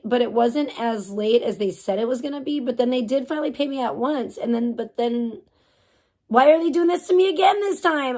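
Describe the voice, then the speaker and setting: A woman's voice: high voice, darkish tone. A woman livestreamer venting to her chat in a profane, heated rant full of swearing, who stops to thank viewers. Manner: talks straight to viewers and thanks donors.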